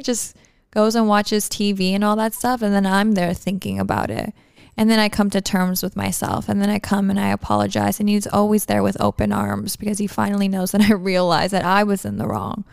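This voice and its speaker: A woman's voice: medium pitch, steady tone, moderate pace, gravelly, a little mellow, clean tone, dry recording, clean studio sound. A woman co-hosting a relationship podcast, chatting in a lighthearted way. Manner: lighthearted, laughs easily. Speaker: podcast co-host. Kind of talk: casual relationship podcast talk.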